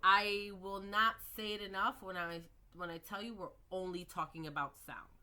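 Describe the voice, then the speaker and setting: A woman teaching early reading skills, slowly modelling words and sounds with patient explanations. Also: medium pitch, steady tone, sharp tone. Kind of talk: instructional lecture.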